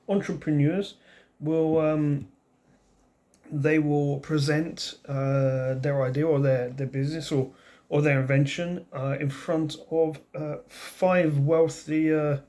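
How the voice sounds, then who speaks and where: A man's voice: medium pitch, darkish tone. A man hosting a casual vlog beer review who rambles and often restarts his sentences.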